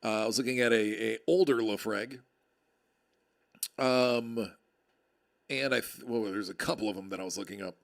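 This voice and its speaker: A man's voice: on the low side, moderate pace, gravelly, pauses often. A man hosting a card break livestream, chatting casually and joking with viewers in a rambling way. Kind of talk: casual chat.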